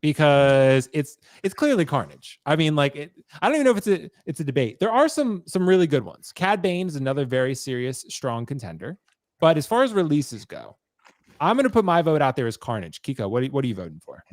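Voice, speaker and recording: A man hosting a casual podcast chat, animated and laughing often as he steers the conversation. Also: on the high side, brisk, no echo, studio quality. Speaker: podcast host.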